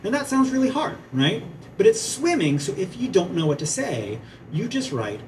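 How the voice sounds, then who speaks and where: Animated male presenter, distant mic. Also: on the high side, normal speed, a little hiss or hum. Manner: animated, asks "right?" often, chatty asides. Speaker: conference presenter and playwriting teacher. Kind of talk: conference talk. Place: museum theater at a conference.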